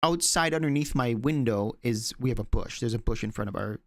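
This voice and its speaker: A man recounting a mishap to his co-host in a loose, rambling way, stumbling over words and swearing as he goes. His voice sits mid-pitch and the recording is close and dry, with no room sound at all. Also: a little fast, creaky, dry recording. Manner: rambling, many fillers and restarts, swears freely. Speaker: podcast co-host. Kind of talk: casual storytelling chat.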